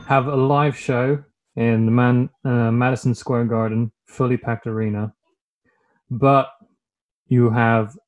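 A man's voice: mid-range voice, a little mellow. Playful man hosting a dilemma game. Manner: playful, posing would-you-rather offers like a game-show host. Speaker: podcast host. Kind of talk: casual podcast chat.

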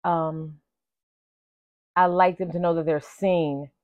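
Chatty hoarse woman, slightly low voice. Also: takes it slowly, dry recording. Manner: animated, chatty, calls listeners "baby" and "y'all". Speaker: vlogger. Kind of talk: casual chat to viewers. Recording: dull lo-fi dry recording.

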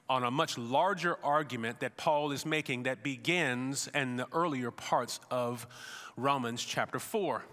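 Bright-voiced pastor preaching in a reverberant hall. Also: male voice, fairly high pitch. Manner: storytelling, vivid and animated. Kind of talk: sermon.

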